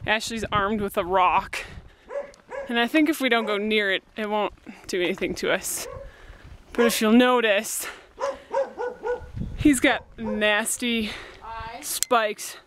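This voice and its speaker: A woman's voice: mid-range voice, takes it slowly, pauses often, noisy background. A woman narrating a casual outdoor video diary, joking like a sports commentator about her friends' digging. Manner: playful, jokey sports-commentator banter. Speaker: volunteer vlogger. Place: outdoors at a mountain building site.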